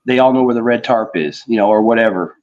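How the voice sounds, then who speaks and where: A man's voice: medium pitch, fast talker, darkish tone. A man chatting casually about world politics on a podcast, rambling and piling on fillers as he goes. He swears offhandedly and keeps circling back to his point. His audio comes through a bit dull and lo-fi. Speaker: podcast co-host.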